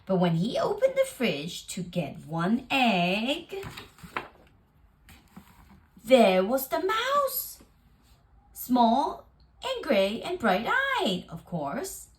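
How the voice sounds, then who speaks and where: A woman reading a children's picture book aloud, very expressive and lingering on phrases. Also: fairly high pitch, slow pace. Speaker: storyteller.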